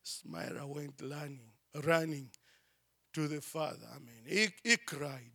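A man preaching and telling a story in an animated way, often using "you know" and "I mean". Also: a little high, unhurried, gravelly. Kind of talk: sermon storytelling.

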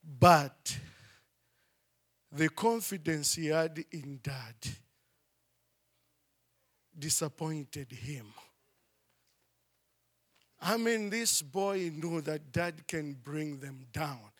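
A man preaching and telling a story in an animated way, often using "you know" and "I mean". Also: fairly high pitch, very slow, pauses often. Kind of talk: sermon storytelling.

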